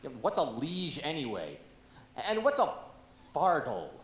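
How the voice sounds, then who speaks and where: A man's voice: on the high side, wildly swooping pitch, measured pace, echoey room. A man playing a defensive young TV actor, exasperated and sarcastic, on an amateur stage. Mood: arguing.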